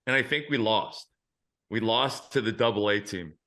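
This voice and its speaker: Bright-voiced storytelling male host. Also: fairly low pitch, normal speed. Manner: frank, profane anecdotal storyteller. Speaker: host, former big-league pitcher. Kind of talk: casual storytelling chat.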